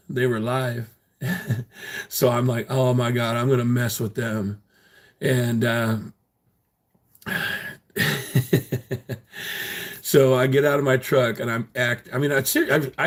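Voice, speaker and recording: A man on a casual livestream who rambles through his stories with lots of ums and restarts. He taunts his chat with crude language and laughs as he talks. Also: medium pitch. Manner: taunting, profane, laughing at viewers; rambling with many fillers and restarts.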